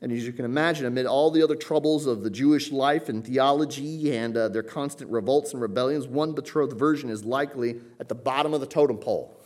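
A man preaching an expository sermon, building to emphatic peaks and then dropping low and quiet. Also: fast talker, hardly any pauses. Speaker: pastor.

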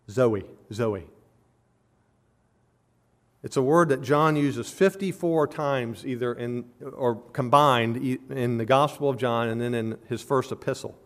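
Male pastor, mid-pitched, expository preaching, measured with emphatic peaks. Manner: measured teaching, rising to emphatic stress on key words. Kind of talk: expository sermon.

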